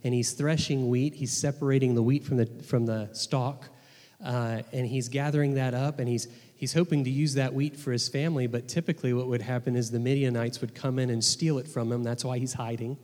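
A man's voice: mid-range voice, fairly even intonation, a little fast, darkish tone. A man preaches earnestly from the pulpit, his mid-range voice stopping and restarting phrases as he goes. His words ring out with a long reverb through a church sanctuary. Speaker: pastor. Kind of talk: sermon.

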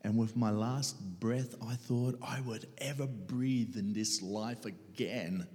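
A middle-aged man preaching his testimony dramatically, swinging between loud outbursts and hushed whispers. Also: medium pitch, steady tone, slow pace. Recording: long reverb of a large hall.

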